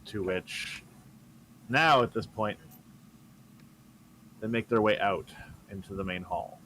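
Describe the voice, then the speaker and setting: A man's voice: lowish voice, bright, forceful tone, a little hiss or hum. Man narrating a casual tabletop game. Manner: casual, halting narration with many fillers. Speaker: game master.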